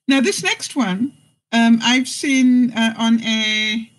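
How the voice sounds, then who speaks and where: A woman's voice: a little high, low-quality recording. A woman hosting a casual live stream, reading out jokes and viewer comments and laughing often.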